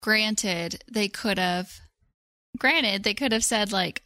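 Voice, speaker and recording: A woman's voice: medium pitch, slow, bright, forceful tone, no room sound, clean studio sound. A woman co-hosting a casual podcast, rambling and chatty, saying "like" a lot. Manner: chatty, rambling, says "like" often. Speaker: podcast co-host.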